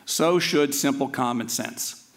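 Halting male law lecturer. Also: mid-range voice, vocal fry. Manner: halting, with frequent restarts and filler words; aside-prone and conversational. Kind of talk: academic lecture.

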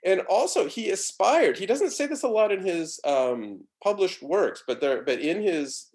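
A man's voice: high voice, expressive, measured pace, a little mellow. A middle-aged man giving an academic philosophy lecture, talking in a discursive way full of restarts and fillers.

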